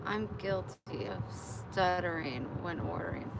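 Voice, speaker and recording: A woman's voice: fairly high pitch, expressive, measured pace, noisy background. A woman vlogger live-streaming casually from her car, chatty and thankful to viewers.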